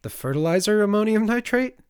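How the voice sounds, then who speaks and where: A man's voice: high voice, lively intonation, fairly quick, smooth, pitched above the performer's own voice. A man voicing a naive, awkward young man, earnest and easily flustered.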